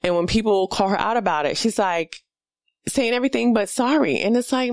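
With a mid-range, fairly quick voice and no room sound, a woman in her forties hosts her podcast. She's a New York-accented comedian delivering a blunt, profane, casual monologue.

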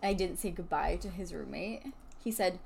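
A woman co-hosting a podcast, telling a personal story in casual chat, animated and swearing freely. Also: on the low side, normal speed, creaky, a little hiss or hum. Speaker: podcast co-host.

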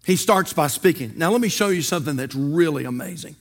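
High-voiced preacher in a hall. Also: male voice, lively intonation, fairly quick. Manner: folksy, asks rhetorical questions and tells stories. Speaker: pastor. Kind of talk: sermon.

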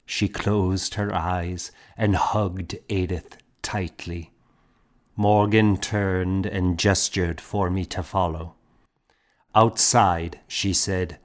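A man narrating a story in a measured storytelling manner. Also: low voice, level tone. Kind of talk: scripted narration.

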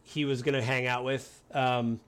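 A man co-hosting a casual film chat, animated and playfully acting out quoted lines. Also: mid-range voice, a little slow, clear, resonant tone. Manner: animated, acts out quoted lines in funny voices. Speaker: podcast co-host discussing a film.

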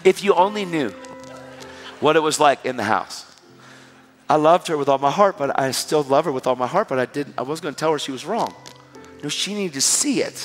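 A man preaching a sermon, telling a story with animated, emphatic exhortations. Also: fairly high pitch, a little fast. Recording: reverberant hall with music behind.

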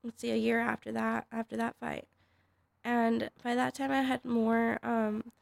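A woman's voice: fairly high pitch, flat delivery, a little slow, gravelly, no echo. A woman, a fighter guest, chatting casually and hesitantly, with many fillers and restarts. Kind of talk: casual podcast chat.

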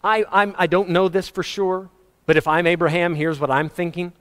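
A man's voice: high-pitched, steady tone, moderate pace, a bit bright, smooth. A man preaching a sermon to his congregation in a conversational way, chuckling and acting out quotes. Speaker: pastor. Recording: long hall reverb.

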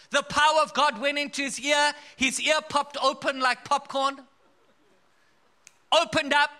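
A man's voice: very high voice, level tone, unhurried, sharp tone. A man from South Africa preaching a sermon, emphatic and storytelling, with bursts of laughter.

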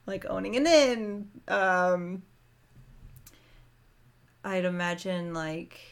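A woman's voice: mid-range voice, drawn-out words, clear, resonant tone. A woman player in casual podcast chat, hesitant and full of fillers, giggling now and then.

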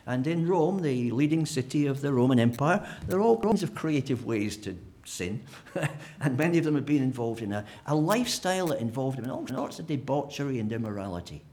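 A man preaching a Sunday sermon with a medium-pitched voice that rises and falls with great liveliness. He brings the message to life with humour, acting out what imagined people might say. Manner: animated, acts out imagined speakers with humour.

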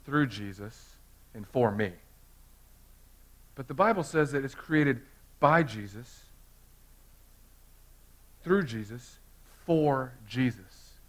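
A man preaching a sermon as pastor, swinging from hushed, intimate talk to loud, fervent passages and often repeating words. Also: medium pitch.

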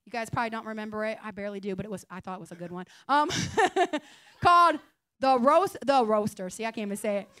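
A woman pastor giving a lively, chatty sermon, joking and acting out quotes. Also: medium pitch, rapid-fire, clean tone. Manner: lively, chatty preaching with jokes and acted-out quotes. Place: church.

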